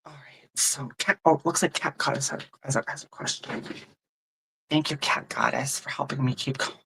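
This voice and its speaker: Woman, gravelly voice, tarot reader, casual livestream chat, thanks viewers by name. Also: extremely low pitch, fairly even intonation, normal speed, fairly bright tone. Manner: chatty, thanks viewers by name, muses aloud.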